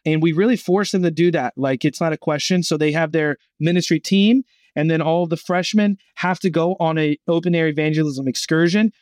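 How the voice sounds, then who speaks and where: A man's voice: fairly high pitch, fairly quick, darkish tone, no room sound. A man as a podcast guest, animatedly telling a personal story and acting out the voices he quotes. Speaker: gap year program guest.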